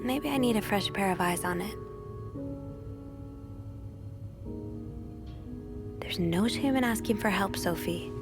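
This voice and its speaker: An actress voicing a curious young hotel maid in a mystery video game, wry and talking to herself, over game music. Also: female voice, mid-range voice, a little fast, natural voice. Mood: encouraging. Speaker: game protagonist.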